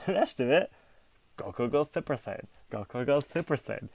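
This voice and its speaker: A man co-hosting a podcast in casual chat, often laughing and bursting into animated asides. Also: medium pitch, moderate pace, creaky. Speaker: podcast co-host.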